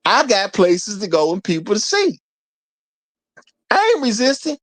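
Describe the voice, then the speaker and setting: A male host putting on the voice of a sweet, pleading young woman in a higher, sing-song tone. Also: huge pitch swings, measured pace, fairly bright tone, no echo, heavily acted. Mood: mock pleading.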